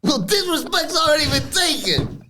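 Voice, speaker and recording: A man doing a loud, swaggering Italian-American mobster wrestler impression with an exaggerated accent. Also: very high-pitched, big pitch swings, normal speed, noisy background, pitched above the performer's own voice.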